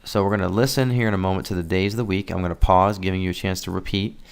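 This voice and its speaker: A man with a low, gravelly yet smooth voice gives a casual Spanish lesson. He explains pronunciation in an easygoing way, then models each word slowly for the listener to repeat. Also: fairly even intonation. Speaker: Spanish teacher. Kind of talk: casual spoken language lesson.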